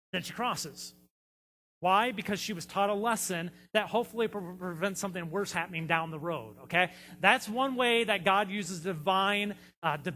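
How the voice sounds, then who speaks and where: A man's voice: sits high, pushed and bright, big-room sound, a little hiss or hum. A man preaching a sermon as a pastor, telling stories in a conversational way with frequent fillers. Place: church sanctuary.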